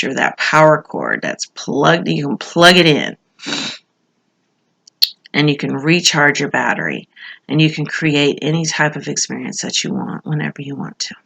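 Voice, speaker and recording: A woman speaks in a casual tarot reading, her voice bright and forward. She is earnest and reassuring, often pausing and repeating phrases to drive a point home. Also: sits low, gravelly, husky. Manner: frequent "um" pauses, repeats phrases for emphasis. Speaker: tarot card reader.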